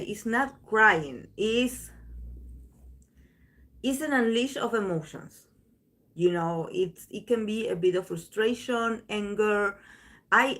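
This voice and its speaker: A woman talks to her viewers in an unhurried, loose chat, drifting between thoughts and restarting her sentences. Her voice sits fairly low, and she takes her time with every phrase. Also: fairly bright tone. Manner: rambling, many restarts and fillers. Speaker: tarot channel host.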